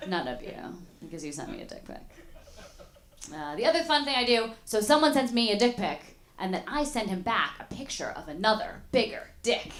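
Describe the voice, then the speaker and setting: A young woman doing a stand-up comedy set in a club, chatty and playful with the audience. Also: fairly high pitch. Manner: chatty, playful crowd work. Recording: roomy club sound with audience laughter. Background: audience laughing.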